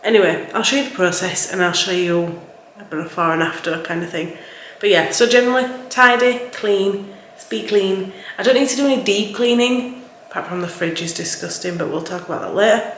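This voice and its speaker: A woman's voice: mid-range voice, fairly quick, a bit bright. Chatty Yorkshire woman vlogging at home. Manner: chatty, rambling, with fillers. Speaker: cleaning vlogger. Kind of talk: casual vlog chat. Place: home kitchen. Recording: echoey room with faint background noise.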